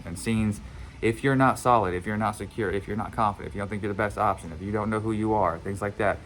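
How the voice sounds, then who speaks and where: A man's voice: fairly low pitch, fairly bright tone, slight background noise, rough recording. A man giving a casual motivational monologue as a manifestation coach, blunt and repetitive, swearing now and then.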